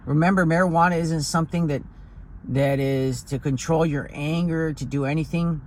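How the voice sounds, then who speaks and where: Casting: a swearing man who rambles in a casual outdoor vlog, his voice a little high, with faint traffic behind. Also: fairly even intonation, moderate pace. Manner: blunt, profane, rambling. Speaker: vlogger. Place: outdoors on a hill.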